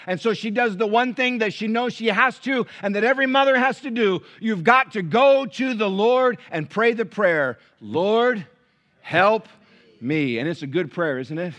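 Male pastor, high bright voice, animated sermon with rhetorical questions. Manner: animated preaching with rhetorical questions, dropping to quiet asides.

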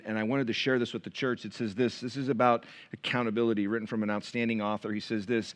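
Man, pastor, sermon, big swings between loud and soft, impassioned delivery. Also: mid-range voice. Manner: preaching with sudden loud rises and soft drops.

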